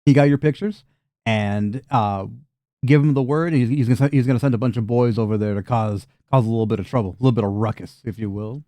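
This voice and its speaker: A man's voice: mid-range voice, fast, warm tone, dry recording. Profane joking game master, man. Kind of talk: narrating a tabletop game.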